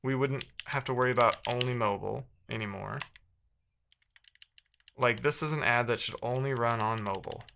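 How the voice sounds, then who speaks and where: A man's voice: mid-range voice, normal speed, vocal fry, noisy background. A man live-streaming while he codes, chatting casually with viewers and thinking aloud, often second-guessing himself mid-sentence.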